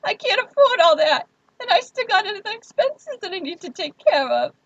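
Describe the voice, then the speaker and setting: A woman's voice: very animated, normal speed, no room sound, exaggerated voice. A woman putting on a wailing, grief-stricken young woman. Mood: pleading. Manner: wailing, pleading, high and strained. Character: distraught young woman, grieving and broke. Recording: dull lo-fi stream audio.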